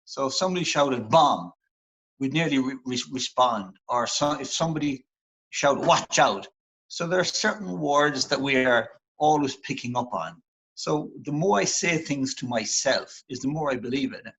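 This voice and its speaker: A man's voice: mid-range voice, normal speed, a bit bright, breathy edge, poor audio. An Irish man, a performance psychologist, talking earnestly and reflectively in an interview, coaching listeners on how they speak to themselves. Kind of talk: motivational interview talk.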